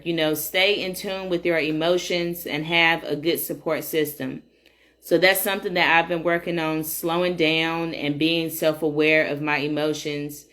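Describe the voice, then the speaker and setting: A woman's voice: low-pitched, fairly bright tone. A woman in her thirties hosting a casual solo parenting podcast, chatty and candid with frequent fillers. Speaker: podcast host.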